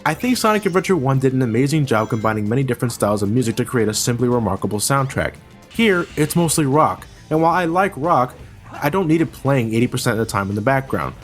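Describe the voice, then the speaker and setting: A man reviews a video game in a comedic voice-over, and his pitch swings widely as he rants. His talk is salty and exasperated, and it jumps into sudden shouts. Game music plays faintly under him. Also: expressive, quick pace.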